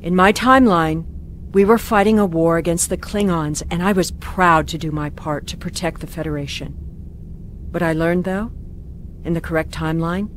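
An actress voicing a resolute female starfleet security officer in a video game, speaking in an earnest, steady way. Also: lowish voice, slight background noise, lightly acted. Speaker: game character.

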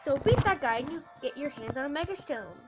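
High-voiced excitable woman playing games. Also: fast, poor audio. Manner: excitable, lots of oohs and little cheers. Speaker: let's play host. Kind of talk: casual gameplay commentary. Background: game music.

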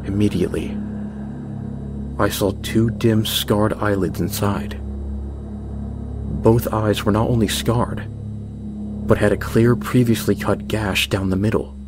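A man narrating a horror story in a measured, tense way over background music. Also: on the low side, fairly even intonation. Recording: music bed under voice.

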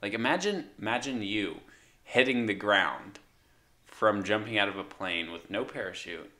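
A man's voice: lowish voice, animated, bright, forceful tone. A young man co-hosting a casual podcast, talking hesitantly with fillers. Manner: slow, hesitant delivery with fillers. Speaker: podcast co-host. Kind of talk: casual chat.

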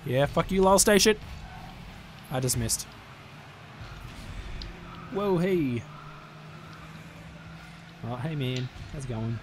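A man playing a car soccer game as a guest, chatting casually, excitable, swearing and yelling at the plays. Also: mid-range voice, slow pace, pauses often, a little hiss or hum. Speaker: guest co-player. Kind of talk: casual gameplay chat.

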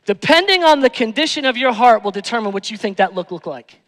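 A male pastor preaching a sermon, moving between hushed, tender lines and loud, emphatic ones. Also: extremely high pitch, animated, quick pace, in a large hall. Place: church sanctuary.

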